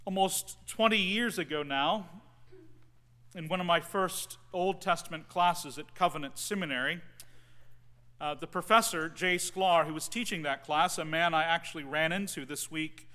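A man in his forties preaching a conversational sermon, with frequent ums and phrase ends that trail off softly. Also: fairly high pitch, normal speed. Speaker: pastor. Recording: long hall reverb.

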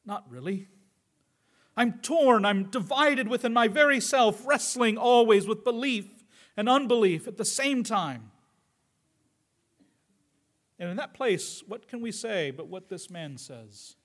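Male preacher, high voice, slow and earnest, hushed asides. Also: animated. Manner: slow, earnest, drops to a hush on key phrases. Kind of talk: sermon.

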